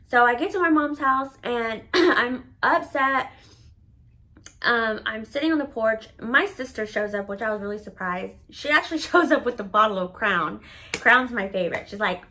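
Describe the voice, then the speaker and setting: A woman's voice: a little high, expressive, normal speed, sharp tone, a little hiss or hum. A woman vlogger telling a personal story in a casual, candid monologue. She swears freely and fills her talk with "like.". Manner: candid and profane, with many "like" fillers.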